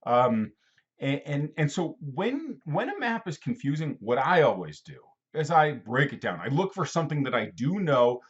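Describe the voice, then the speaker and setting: A man's voice: on the high side, big pitch swings, normal speed, slightly rough, highs cut off. A man teaching a casual geography lesson, rambling and playful, talking straight to a student.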